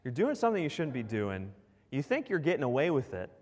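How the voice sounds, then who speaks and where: A male pastor preaching a sermon in a church, animated and full of rhetorical questions to the congregation. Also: medium pitch, quick pace. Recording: long reverb of a large hall.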